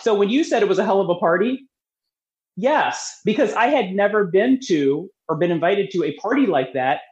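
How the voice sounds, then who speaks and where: A woman guest telling lively personal stories in a casual interview, talking freely and laughing often. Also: medium pitch, normal speed. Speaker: podcast guest, beer promoter. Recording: roomy, slightly muffled.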